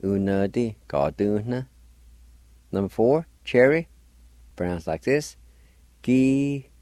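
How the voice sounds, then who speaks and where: A man's voice: on the low side, sing-song, measured pace, darkish tone, no room sound. A man teaching a language lesson on the radio, patiently spelling words letter by letter and sounding them out.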